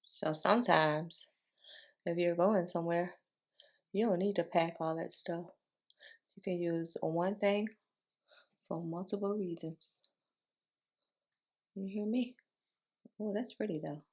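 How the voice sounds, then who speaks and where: A woman talks her viewers through a makeup routine at home, low and unhurried in her morning voice. Her tone sits a little on the low side, chatty and familiar, calling everyone y'all. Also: fairly even intonation. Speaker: beauty vlogger. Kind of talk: casual makeup tutorial chat.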